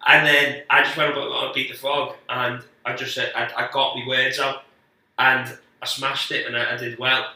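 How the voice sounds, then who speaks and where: A man's voice: mid-range voice, little pitch movement, normal speed, sharp tone. A man, a guest comedian telling rambling, sweary, self-mocking stories on a podcast. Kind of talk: casual podcast storytelling. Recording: echoey room, speaker distant from the mic.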